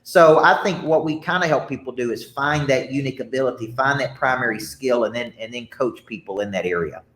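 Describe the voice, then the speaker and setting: A man of ordinary pitch tells stories with emphatic energy, repeating himself and tagging "right?" onto his points. His voice rings in an echoey room. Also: fairly quick, a bit bright. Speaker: business coach, guest. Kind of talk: energetic anecdotal storytelling.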